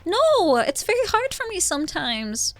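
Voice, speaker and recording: Giggly Dutch-accented woman with a lively voice. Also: a little high, unhurried, no room sound. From Netherlands. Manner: giggly, laughs often, squeals in excitement. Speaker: streamer. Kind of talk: casual chat.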